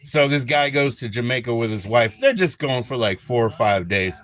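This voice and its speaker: A man's voice: mid-range voice, animated, normal speed, a bit bright, a little hiss or hum, rough recording. A man in his fifties chatting casually on a live stream, joking, chuckling and bantering with his viewers as he tells a joke. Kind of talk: casual chat to a live audience.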